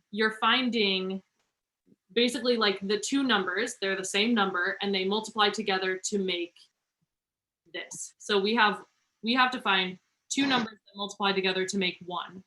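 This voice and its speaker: A woman tutoring students through a math problem online, encouraging them and talking through each step slowly. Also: medium pitch, sharp tone, low-quality recording.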